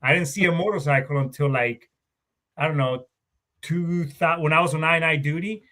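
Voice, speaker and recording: A man's voice: fairly high pitch, fairly even intonation, normal speed, pushed and bright. A middle-aged man, a veteran guest, telling stories in a casual, rambling way, swearing often and correcting himself mid-sentence. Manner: profane, rambling, self-correcting. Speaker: guest, Marine Corps veteran warrant officer. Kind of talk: casual storytelling interview.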